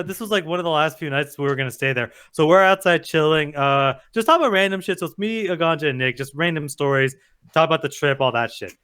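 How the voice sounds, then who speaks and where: Young man, casual podcast chat, profane storyteller, high voice, very lively pitch. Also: smooth. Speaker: podcast co-host.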